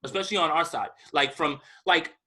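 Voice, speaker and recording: A man co-hosting a podcast, chatting casually and quickly, his speech packed with fillers. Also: fairly high pitch, bright, forceful tone. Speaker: podcast co-host.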